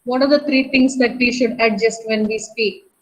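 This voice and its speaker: A woman lecturer with a somewhat high voice walks her class through a lesson. She speaks with frequent fillers and restarts, repeats key points, and stops to ask students questions. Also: steady tone, normal speed, rough recording. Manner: asks students questions and praises answers. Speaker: college lecturer.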